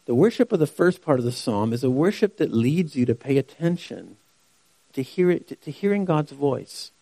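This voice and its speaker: A man's voice: mid-range voice, very animated, normal speed, creaky, mellow, no echo. A man preaching a sermon who asks rhetorical questions and repeats key phrases for emphasis. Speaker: pastor.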